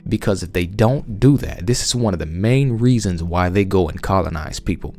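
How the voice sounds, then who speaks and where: A man's voice: low voice, lively intonation, normal speed, hardly any pauses, darkish tone, faint music behind. A man with a Southern US accent giving an emphatic, conversational Bible teaching as a podcast host. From United States. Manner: emphatic, insistent, frequent restarts.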